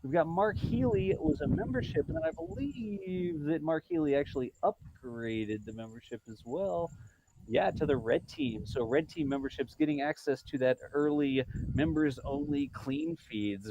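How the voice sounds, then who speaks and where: A man's voice: fairly high pitch, lively intonation, moderate pace, lo-fi sound, background noise. Chatty man hosting a livestream. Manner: chatty and rambling, with frequent fillers and self-corrections. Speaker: livestream host. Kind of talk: casual chat, reading out viewer donations.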